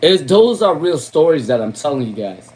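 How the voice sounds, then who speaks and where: Chatty tarot reader, man, higher voice. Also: very animated, moderate pace, a little mellow. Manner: chatty, rambling, filler-heavy. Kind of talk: casual livestream chat.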